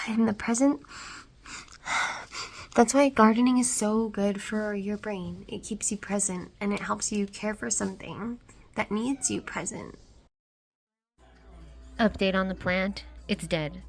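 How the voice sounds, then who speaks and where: A woman in her thirties rambling casually in a home vlog, filming herself on a phone around the house and garden. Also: medium pitch. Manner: chatty, talks to pets and plants. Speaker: vlogger.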